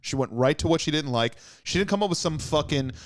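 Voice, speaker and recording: A man's voice: a little high, expressive, fast, no room sound. A man hosting a comedy podcast, joking crudely and animatedly as he riffs on a restaurant's dishes and reviews. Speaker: podcast host. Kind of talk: casual comedic banter.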